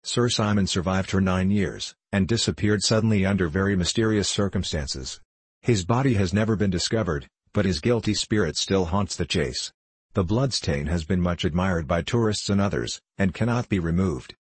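A man voicing an old woman housekeeper in an audiobook, speaking low and mysteriously. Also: normal speed, breathy edge, no room sound. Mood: ominous. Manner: low, hushed, ominous delivery.

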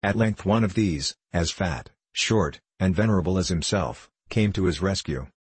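A man narrating an audiobook in a measured, evenly paced reading. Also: deep voice, husky, no room sound.

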